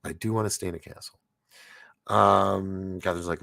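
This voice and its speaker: A man in his forties hosting a late-night livestream, rambling excitably with stammering restarts as he reads viewer comments aloud. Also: deep voice, a little fast, creaky, dry recording. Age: 40s. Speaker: livestream host.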